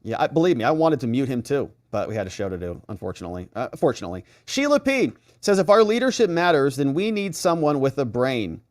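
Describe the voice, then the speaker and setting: A man's voice: medium pitch, big pitch swings, fast, few pauses, a little mellow, no echo, clean studio sound. A man hosting a live stream, chatting casually and reading viewer comments aloud with sarcastic asides.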